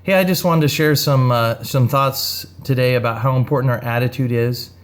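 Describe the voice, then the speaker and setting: A man ministering in a gentle, earnest, unhurried devotional talk with a story. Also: medium pitch, steady tone.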